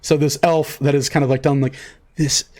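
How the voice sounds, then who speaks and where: A man's voice: fairly high pitch, steady tone, fast talker, warm tone. A man running a tabletop game as game master, narrating casually with lots of fillers.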